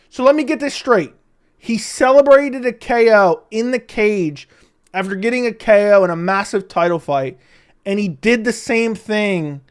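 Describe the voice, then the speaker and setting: A man hosting a live stream, reading chat and ranting in a heated, profane way. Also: sits high. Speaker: livestream host.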